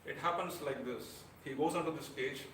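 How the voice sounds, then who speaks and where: A man's voice: fairly high pitch, a little fast, a bit bright, a little hiss or hum. A man giving an evaluation speech at a club meeting, earnest and frank with light self-deprecating humor. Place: air-conditioned meeting room. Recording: roomy, distant, with faint room ambience.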